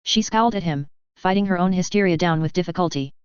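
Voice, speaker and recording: Smooth-voiced woman reading fan fiction. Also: lowish voice, fast talker, no echo. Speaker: narrator. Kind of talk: fan fiction read aloud. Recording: dull lo-fi dry recording.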